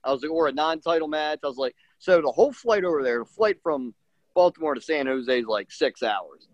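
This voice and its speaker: The middle-aged wrestler's story, told in a casual interview, comes at a brisk pace in a mid-range voice, full of fillers and animated, acted-out quotes. The dull lo-fi recording is dry, with no echo.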